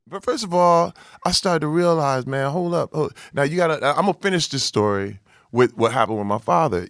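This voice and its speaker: Animated storytelling man, wide-ranging voice. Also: no echo, clean studio sound. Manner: animated, swings from loud exclaiming to hushed low tones; acts out quoted voices in his story. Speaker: podcast guest. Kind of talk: casual storytelling.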